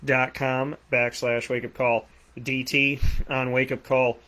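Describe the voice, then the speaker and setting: A man with a Boston accent hosting a sports talk show, rattling off plugs and shout-outs with energy. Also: mid-range voice, little pitch movement, takes it slowly. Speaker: host. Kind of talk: energetic radio show sign-off.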